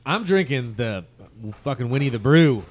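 Excitable laughing man, lively voice. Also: medium pitch, moderate pace. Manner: laughs often, swears, excitable. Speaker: podcast co-host. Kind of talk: casual podcast banter.

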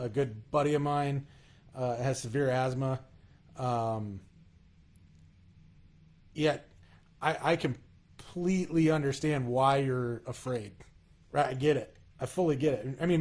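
Earnest man talking in halting restarts. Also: medium pitch. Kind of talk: casual faith conversation.

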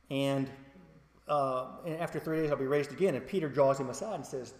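A middle-aged male pastor with a somewhat high voice speaks at normal speed, giving a conversational sermon full of humor, personal stories and questions to the congregation. The recording sounds like an echoey hall.

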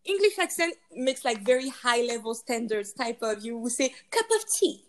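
High-voiced woman with French accent. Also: moderate pace. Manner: animated storyteller, quotes others, many restarts. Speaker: guest, luxury beauty executive. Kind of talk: casual interview chat.

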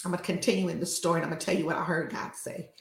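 Talking very fast with vocal fry, an older woman with a lowish, steady voice hosts a faith talk show as a host and life coach, mixing preaching and stories in a conversational style. The room gives the audio a noticeable echo.

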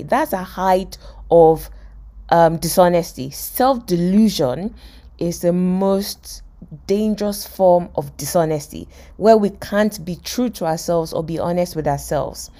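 Woman, lowish voice, self-help podcast host, animated storyteller. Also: measured pace. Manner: lively storyteller who acts out quotes and laughs. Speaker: podcast host teaching life lessons. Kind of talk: motivational talk retelling a sitcom scene.

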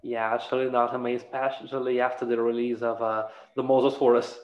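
A man hosting a casual podcast, chatty and laughing often, with lively asides. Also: medium pitch, brisk. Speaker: podcast host. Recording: roomy, dull lo-fi sound.

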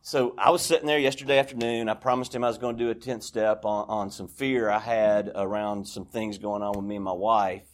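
A man's voice: lowish voice, level tone, fairly quick, hardly any pauses. A man speaking candidly and at length as the speaker at a recovery meeting in a church, rambling and confessional. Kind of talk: personal share at a recovery meeting.

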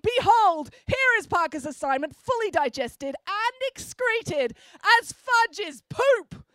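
A woman's voice: very high voice, big pitch swings, takes it slowly, fairly bright tone, no room sound, pitched above the performer's own voice, exaggerated voice. A woman doing a self-assured schoolgirl sleuth. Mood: confident. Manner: confident, matter-of-fact, theatrical. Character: clever, peculiar schoolgirl detective.

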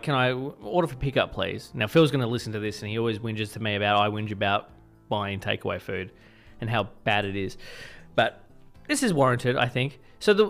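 Fast-talking Australian radio host man. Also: mid-range voice. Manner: chatty storyteller, whinging and joking. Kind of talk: casual radio chat.

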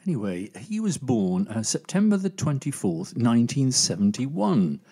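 A man's voice: medium pitch, sing-song, moderate pace, dark tone, husky. A man hosting a comedy sketch, reading out letters with many hesitant "um"s. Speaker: host.

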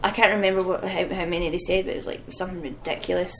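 A woman's voice: lowish voice, rapid-fire, slight background noise. A young adult woman, a professional wrestler guest on a podcast, telling stories casually and acting out what people said, often laughing. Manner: animated, acts out quotes in other voices, laughs often. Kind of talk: casual storytelling chat.

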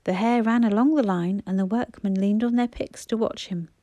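Woman narrator, measured audiobook reading, warm tone. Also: medium pitch, no echo. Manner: steady, measured storytelling.

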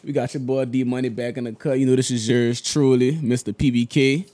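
Brief: young New man, podcast host, easygoing, mid-pitched voice. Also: little pitch movement, a little fast, dark tone. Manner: laid-back, laughs often, frequent "you know what I'm saying". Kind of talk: casual chat.

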